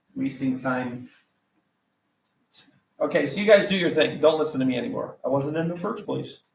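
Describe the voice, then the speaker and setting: A man's voice: medium pitch, normal speed, gravelly, slight background noise. Chatty male math teacher in an echoey classroom. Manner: chatty, joking, exasperated asides. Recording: echoey classroom with faint background ambience.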